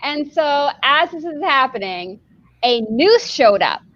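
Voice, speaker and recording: A woman's voice: sits high, sing-song, slow, a bit bright, dry recording, dull audio. A woman hosting a podcast who tells a story casually, rambling with lots of "like" and laughter. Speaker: podcast host.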